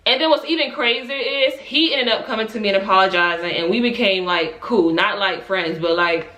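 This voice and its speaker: A young woman tells her story in a bright, forceful voice, animated and quick to break into laughter. The sound bounces around an echoey room. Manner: animated, acts out quotes in high voices, laughs often. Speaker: vlogger. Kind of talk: casual storytelling.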